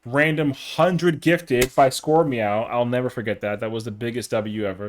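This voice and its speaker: A man's voice: mid-range voice, moderate pace, hardly any pauses. A young man chatting casually on a live stream, rambling in slang with lots of fillers.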